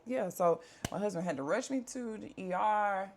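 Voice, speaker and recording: This vlogger is a woman with a mid-range, darkish voice and lively intonation, speaking a little fast with hardly any pauses. At home, she gives a candid life update to camera, chatty and earnest, with plenty of fillers.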